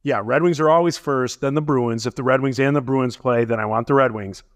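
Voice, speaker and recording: A man's voice: medium pitch, a little fast. Rambling guy co-hosting. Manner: loose, rambling, laughs often. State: out of breath. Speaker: podcast co-host. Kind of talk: casual chat.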